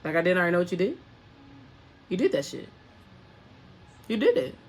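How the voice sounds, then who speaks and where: A woman voicing God as he scolds a sinner, speaking in a rapid, mocking tone. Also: fairly low pitch, sing-song. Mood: scolding.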